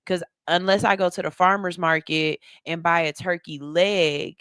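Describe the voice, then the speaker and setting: Middle-aged lady on a studio mic, low-ish smooth voice, dry sound, chatty and slangy. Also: moderate pace, no room sound. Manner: chatty, animated, laughing, slangy. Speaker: radio show host. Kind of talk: casual chat reading viewer comments. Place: radio studio.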